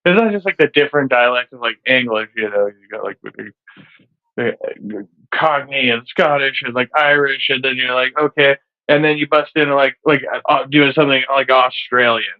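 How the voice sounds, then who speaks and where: A man's voice: mid-range voice, normal speed, no room sound. A man in casual chat, laid-back and heavy on fillers. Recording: tinny phone-like line.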